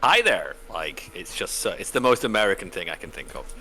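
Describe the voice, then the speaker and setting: A man's voice: deep voice, sing-song, fairly quick, bright, forceful tone, slight background noise. A man, streaming and chatting casually, rambling with lots of fillers and the odd swear. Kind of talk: casual chat.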